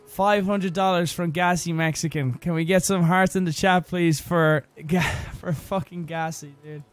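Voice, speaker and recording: Young man, high voice, excitable, sweary, livestream commentary, faint background music. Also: measured pace, few pauses. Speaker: streamer.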